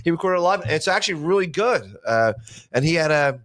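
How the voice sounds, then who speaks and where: A man's voice: a little high, expressive, a little fast, a bit bright. A man co-hosting a comedy podcast, chatting loosely and rambling between thoughts. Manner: rambling, trailing off mid-thought. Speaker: podcast co-host. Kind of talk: casual comedic chat.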